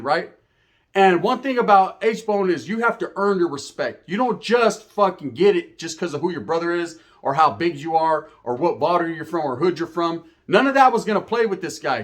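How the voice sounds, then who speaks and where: Slangy man telling a street story. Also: sits high. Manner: street slang, profane, animated retelling with quoted voices. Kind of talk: casual storytelling monologue.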